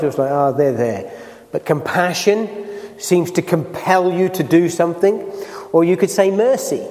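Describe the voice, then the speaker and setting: Earnest preacher, echoing church hall. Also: male voice, a little high, dark tone. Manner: earnest, asks the congregation questions. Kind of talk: sermon with scripture reading.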